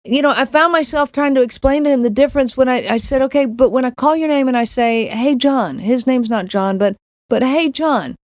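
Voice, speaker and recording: A woman's voice: high-pitched, fairly quick, no echo, studio quality. A middle-aged woman hosting a podcast, telling a personal story in an earnest way, often repeating words and acting out what others said. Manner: earnest, repeats words, acts out quoted lines. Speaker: podcast host.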